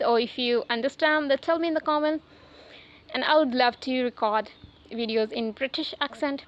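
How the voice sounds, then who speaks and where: Chatty woman vlogger with dull lo-fi sound. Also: on the high side. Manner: chatty, frequent restarts and self-corrections. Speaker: English learning channel host. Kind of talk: unscripted casual talk to camera.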